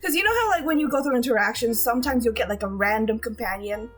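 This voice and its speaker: A woman's voice: fairly high pitch, fast talker, breathy edge, faint music behind. A woman streamer chatting casually with her viewers, gushing, giggling often and swearing freely, with frequent restarts.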